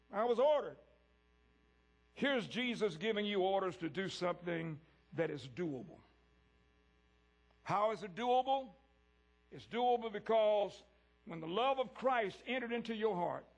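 A man preaching a sermon to a congregation in a church, swinging from loud peaks to hushed lows and speaking straight to the people in the pews. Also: big pitch swings, measured pace, long pauses. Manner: talks directly to the congregation.

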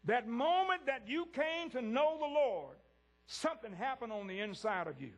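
A man preaching a sermon to a congregation in a church, swinging from loud peaks to hushed lows and speaking straight to the people in the pews. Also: very animated, normal speed. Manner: talks directly to the congregation.

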